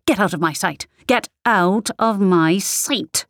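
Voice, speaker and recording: A woman voicing a cruel, bitter sorceress who treats her daughter with slow, cutting scorn. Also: medium pitch, no room sound, clean studio sound. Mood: screaming rage.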